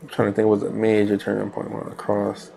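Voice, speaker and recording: Gravelly low-voiced man, flat rambling talk. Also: a little fast, slight background noise. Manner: loose, rambling, repeats phrases and fillers. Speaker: trading channel host. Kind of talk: casual talk while live trading.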